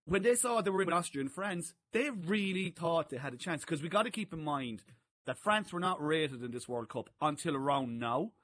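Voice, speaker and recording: A man's voice: fairly high pitch, normal speed, fairly bright tone. A man co-hosting a podcast, telling amused anecdotes in casual chat. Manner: chatty anecdotes, amused, laughing asides. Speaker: co-host.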